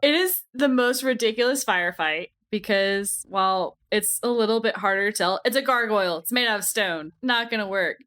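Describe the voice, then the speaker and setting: A woman's voice: mid-range voice, moderate pace, hardly any pauses, a bit bright. A woman co-hosting a podcast in casual chat, blunt and often laughing. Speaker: podcast co-host.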